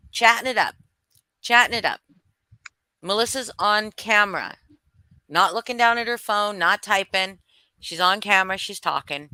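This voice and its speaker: A woman's voice: medium pitch, pushed and bright, smooth, no room sound. A woman hosting a livestream, giving blunt, heated commentary full of swearing while greeting viewers in chat. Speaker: livestream host.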